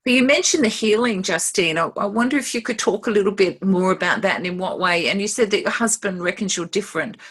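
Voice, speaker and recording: A woman co-hosting the event and asking gentle, probing interview questions. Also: mid-range voice, expressive, quick pace, hardly any pauses, slightly rough. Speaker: co-host and interviewer.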